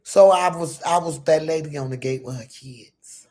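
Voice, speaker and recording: A middle-aged woman with a low, slightly mellow voice at normal speed shares a personal story with her viewers. She's emphatic, profane and casual, frequently addressing them directly.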